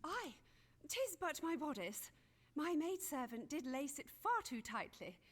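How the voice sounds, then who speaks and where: A woman's voice: high-pitched, sing-song, a little slow. An actress playing a flustered, gossiping Elizabethan noblewoman who speaks in chatty, dramatic archaic phrases in a video game.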